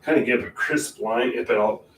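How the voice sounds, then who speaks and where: A man hosting a painting livestream, rambling in casual chat with sudden loud bursts. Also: mid-range voice, normal speed, slight background noise. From Portland, Oregon area. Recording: roomy, from a distance, faint ambience.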